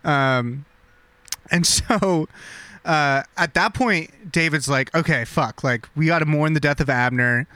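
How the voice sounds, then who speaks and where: A man's voice: fairly high pitch, unhurried, pushed and bright, clear, resonant tone, no echo. A young man casually retelling a story with slang and swearing, laughing and acting out the characters. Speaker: podcast host retelling a story.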